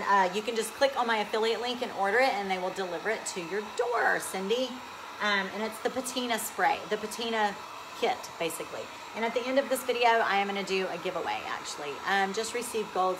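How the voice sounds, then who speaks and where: A woman's voice: on the high side, background noise. A woman with a Texan accent giving a live DIY painting demonstration, chatty and upbeat, answering viewer comments while she works. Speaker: furniture painting instructor.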